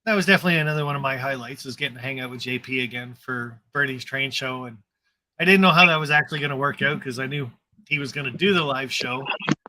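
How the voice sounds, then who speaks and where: A man's voice: medium pitch, fast, bright, forceful tone. A man hosting a casual live stream, chatting in an upbeat, rambling way.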